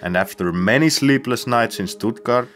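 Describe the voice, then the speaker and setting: A man's voice: medium pitch, moderate pace, a bit bright, soft background music. A man, a car reviewer and host giving dry, tongue-in-cheek scripted narration. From Finland.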